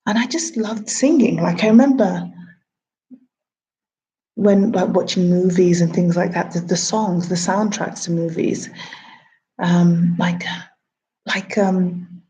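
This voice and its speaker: A woman's voice: on the low side, slow pace, long pauses, warm tone, poor audio. A woman in her thirties, a TV producer, chatting casually on a livestream, answering her own questions and greeting viewers. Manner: chatty, talks to herself and viewers.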